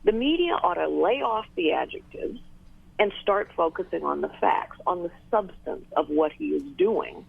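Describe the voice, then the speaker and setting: Woman, phone-line sound, husky, lively pitch, measured numbered points. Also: no echo. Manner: measured, lists points one by one. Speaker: guest. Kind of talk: phone interview on talk radio. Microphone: telephone.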